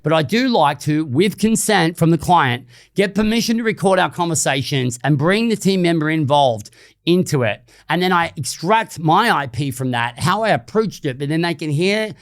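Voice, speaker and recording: A man's voice: fairly high pitch, animated, moderate pace. A man with an Australian accent hosting an unscripted solo podcast, talking casually and bluntly, with some swearing. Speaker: podcast host.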